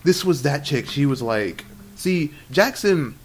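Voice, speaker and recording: A young man from Texas spins a rambling anecdote on a casual amateur podcast, laughing as he goes and acting out what people said. His pitch swings around a lot as he talks. There is a light hiss behind him. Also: lively intonation, slow pace. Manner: rambling storyteller, laughs often, acts out quotes. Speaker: podcast co-host. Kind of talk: casual chat. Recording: amateur podcast with audible noise.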